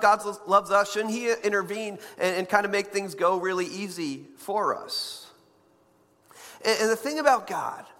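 A man's voice: sits high, sharp tone, long reverb tail. A man preaching a sermon in a conversational way, with playful asides and frequent restarts. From United States. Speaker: pastor.

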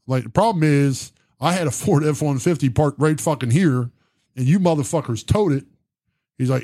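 Man, middle-aged, veteran, profane storytelling, animated, dry sound. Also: mid-range voice, moderate pace, no echo. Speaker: army veteran telling a story. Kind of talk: casual storytelling.

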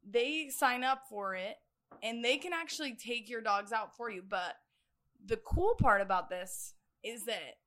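A woman's voice: a little high, lively intonation, a little slow, a bit bright. A young woman, a guest, chatting casually in a bar with a laid-back, filler-heavy way of talking. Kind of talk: casual chat.

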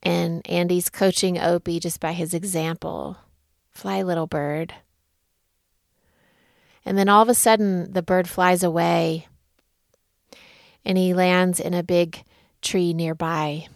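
A middle-aged woman hosting a podcast, telling a story and reflecting in a gentle, unhurried way. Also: fairly low pitch, level tone, creaky, no echo, studio quality. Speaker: podcast host. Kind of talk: reflective spoken talk.

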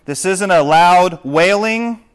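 Guy preaching, voice a bit high, gets loud then goes quiet, keeps asking the room questions. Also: slow, clear, resonant tone. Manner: animated preaching, swings from loud to hushed, asks the crowd questions. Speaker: pastor. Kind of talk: sermon.

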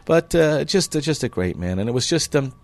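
A man, a chef, telling stories as a podcast guest, animated and often laughing. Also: mid-range voice, a little fast. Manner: animated, acts out the people in his stories. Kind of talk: storytelling in a podcast interview.

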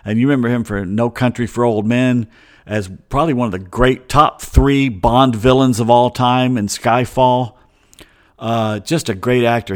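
A middle-aged man hosting a show, chatting in a loose, opinionated monologue full of digressions and chuckling asides. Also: mid-range voice. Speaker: host. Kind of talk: casual rambling monologue.

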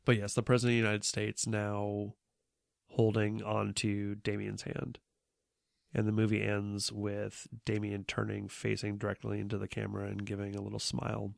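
A man's voice: fairly low pitch, completely flat delivery, moderate pace, vocal fry, no echo, studio quality. A man co-hosting a podcast, casually recapping a movie plot in a laid-back way with fillers. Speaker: podcast co-host.

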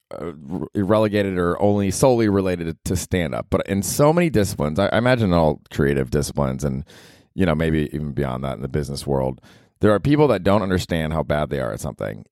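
A male comedian hosting his podcast, rambling casually and profanely, his pitch leaping up for emphasis. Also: very animated, brisk, a little mellow, dry recording, studio quality.

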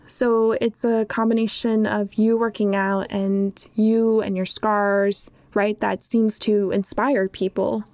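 A woman narrating a documentary and putting interview questions in a measured way. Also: medium pitch, flat delivery, a little mellow.

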